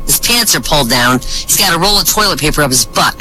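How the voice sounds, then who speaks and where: Bright-voiced man telling jokes. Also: on the high side, fast talker, soft background music, low-quality recording. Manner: lively storyteller acting out the characters' lines. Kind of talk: stand-up joke telling in a voice chat room.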